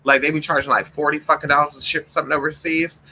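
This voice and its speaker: A man's voice: fairly high pitch, little pitch movement, quick pace, bright, forceful tone, slight background noise, poor audio. A man vlogging casually late at night, loose and profane, calling his viewers honey and y'all and cooing at his puppies in between. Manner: coos and scolds his puppies in a playful pet-talk voice.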